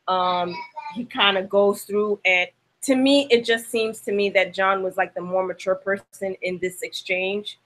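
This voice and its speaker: A woman's voice: medium pitch, steady tone, measured pace, fairly bright tone, rough recording. A young woman hosting a casual TV recap, chatting loosely and laughing often. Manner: chatty, laughs often, acts out lines from the show. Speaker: podcast host.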